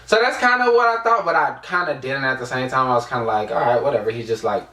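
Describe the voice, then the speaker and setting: A man's voice: medium pitch, fast talker, recorded from a distance, noisy background. A young man from the United States telling a casual storytime vlog, rambling with lots of fillers. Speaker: vlogger. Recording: echoey room, away from the mic.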